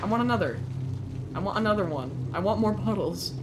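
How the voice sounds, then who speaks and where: A young woman streaming a video game, reacting excitably, joking, swearing and chatting with her viewers. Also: medium pitch, brisk, noisy background. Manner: excitable, jokey, swears freely, talks to chat. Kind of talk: live gameplay commentary, chatting with viewers. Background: game music.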